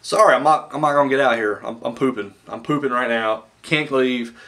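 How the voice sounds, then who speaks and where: A man's voice: medium pitch, fairly quick, pushed and bright, voice pushed down, natural voice. A man putting on the voice of a sheepish male wrestling referee who mumbles apologies.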